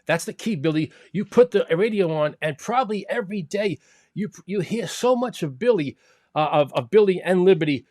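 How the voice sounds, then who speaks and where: A man's voice: high-pitched, animated, a little fast, darkish tone, no echo, studio quality. A man hosting a live online round table, friendly and casual, calling the guests bro. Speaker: host.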